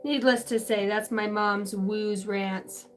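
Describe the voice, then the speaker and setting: A woman's voice: medium pitch, fairly even intonation, slow pace, faint music behind. A middle-aged woman on a vlog who chats in a rambling way, swears freely, laughs often and jumps from story to story. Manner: profane, laughs often, jumps between stories. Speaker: channeler and card reader. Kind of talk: rambling casual vlog chat.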